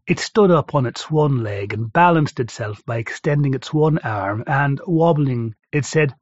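A man reading a first-person story aloud in a steady, measured way. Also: medium pitch, no echo. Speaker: narrator. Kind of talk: first-person audiobook narration. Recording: dry, slightly dull recording.

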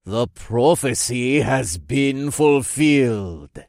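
A man's voice: on the low side, expressive, dark tone, no room sound, clean studio sound, heavily acted. A man playing an ominous cult leader. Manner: slow and ominous. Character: ominous middle-aged male cult leader.

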